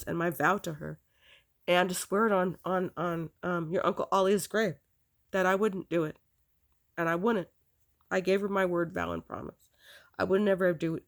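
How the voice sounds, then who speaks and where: Woman telling her own story, kinda rambly and halting, chuckles here and there. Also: lowish voice. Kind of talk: personal storytelling.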